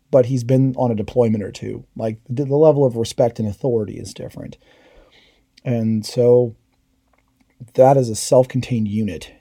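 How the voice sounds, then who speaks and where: A middle-aged man with a very dark, mellow voice tells old service stories in a loose, candid way. He swears freely and acts out his comrades' shouted lines. The sound is dry and close. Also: mid-range voice, no echo. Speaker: podcast host, veteran. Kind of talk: casual storytelling.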